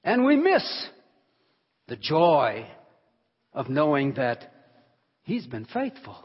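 A man's voice: a little high, wildly swooping pitch, takes it slowly, slightly rough. A man preaching a sermon on a hymn, earnest and emphatic, rising and falling in volume as he stresses words. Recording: long hall reverb, dull sound.

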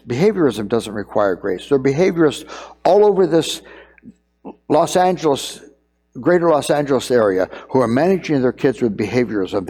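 A man's voice: mid-range voice, darkish tone, in a large hall. A middle-aged man preaching a sermon, earnest and emphatic, repeating key phrases as he builds his point. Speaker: pastor.

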